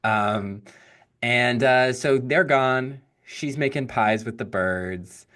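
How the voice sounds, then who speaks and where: A young man chatting casually on a podcast, recapping a film with lots of fillers and quick quoted bits. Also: medium pitch, fairly bright tone. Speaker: podcast co-host.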